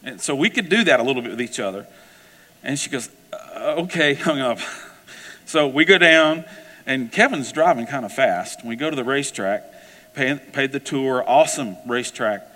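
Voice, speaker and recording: A man preaching a sermon, telling a personal story in a conversational, animated way. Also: mid-range voice, moderate pace, big-room sound. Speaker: pastor.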